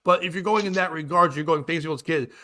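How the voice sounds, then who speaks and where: Male host, high voice, crude jokey chat, laughs a lot. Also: sharp tone. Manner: crude, joking, quick to laugh. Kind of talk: casual comedy chat. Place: live-streamed show.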